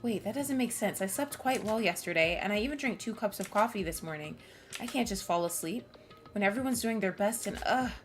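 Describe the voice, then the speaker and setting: A woman's voice: mid-range voice, expressive, a little fast, soft background music. A woman streamer reading a visual novel aloud, cutting in with blunt, swearing asides.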